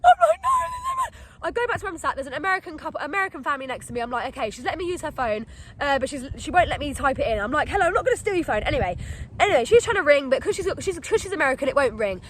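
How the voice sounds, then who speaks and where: A young woman telling a storytime vlog to her phone camera outdoors, animated and acting out her own panic. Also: sits high, racing, slight background noise. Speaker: vlogger. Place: outdoors in wet weather.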